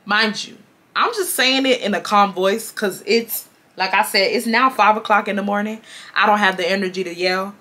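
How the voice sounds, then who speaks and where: A woman's voice: mid-range voice, sharp tone. A woman in her twenties from Houston, telling a storytime to her viewers in a casual, emphatic way, repeating herself and swearing freely. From Houston, Texas. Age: 20s. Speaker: storytime vlogger.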